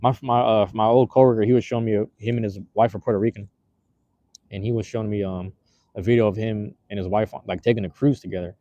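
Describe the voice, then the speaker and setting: This is a fast-talking man with a lowish, mellow voice and fairly even intonation, holding his phone as he streams outdoors on the street. His slangy, rambling chat to viewers is packed with fillers and restarts, recorded lo-fi with no room sound.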